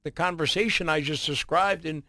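A man hosting a morning radio show, retelling stories in a chatty, animated way. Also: on the high side, moderate pace. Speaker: radio host.

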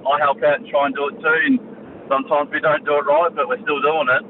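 A man's voice: fairly high pitch, level tone, fast talker. A man calling in to a radio show, friendly and supportive. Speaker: radio caller. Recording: phone line with car noise.

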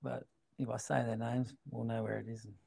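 Australian man, middle-aged, very gravelly voice, laid-back rambling storyteller, casual interview guest. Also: mid-range voice, level tone, fairly quick, a little mellow. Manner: laid-back, rambling, swears and laughs freely. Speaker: guest, big wave surfer.

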